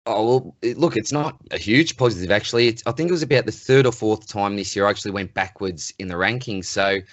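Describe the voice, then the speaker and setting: An Australian man with a very deep voice in easygoing podcast chat. The sound is dry and close, with dull lo-fi quality. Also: fast, no room sound. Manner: easygoing, chuckles often. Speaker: podcast co-host; school teacher. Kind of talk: casual chat. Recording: dry, muffled lo-fi audio.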